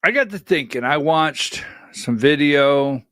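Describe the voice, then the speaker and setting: Man, political talk host, slow and deliberate delivery, fairly high voice, dry close sound, blunt and skeptical. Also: lively intonation, a bit bright, clear, resonant tone, dry recording. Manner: blunt, skeptical, rambling asides. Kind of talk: opinionated livestream commentary.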